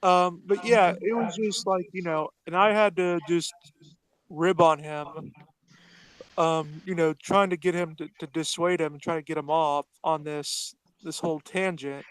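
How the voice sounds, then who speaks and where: Smooth, slightly high-voiced male guest. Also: fairly even intonation, measured pace, no room sound, rough recording. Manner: recounts events loosely with fillers. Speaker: podcast guest. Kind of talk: casual podcast discussion.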